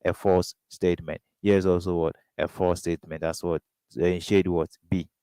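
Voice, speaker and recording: Brief: Ghanaian male tutor, lowish smooth voice, dry close sound, drills students with prompting questions. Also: level tone, normal speed, dark tone, no echo, rough recording. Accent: Ghanaian English. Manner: question-and-answer drilling, keeps asking "what?". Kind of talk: exam revision lesson.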